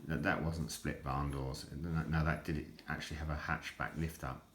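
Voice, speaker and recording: A man's voice: fairly even intonation, moderate pace, fairly bright tone, reverberant, slight background noise. An older man chatting casually in a rambling, stammering way, often repeating his words as he shows off items he collects. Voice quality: deep, self-described nappy voice.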